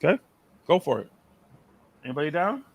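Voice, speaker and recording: Brash Boston-accented man hosting a stream, higher-pitched voice. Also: big pitch swings, a little fast, slightly rough, no echo. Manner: brash, swearing, teasing. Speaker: stream host. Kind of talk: casual live-stream chat.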